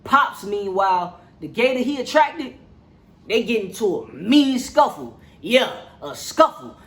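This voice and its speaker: Reviewer with a mid-pitched voice, slangy and animated plot recap, roomy echo. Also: unhurried. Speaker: movie reviewer.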